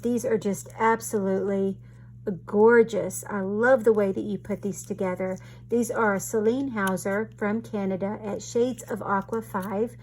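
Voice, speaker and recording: A woman, hosting a casual craft show-and-tell, gushing over pieces and halting through restarts, her voice choked and tearful. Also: medium pitch, warm tone, a little hiss or hum. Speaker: craft channel host.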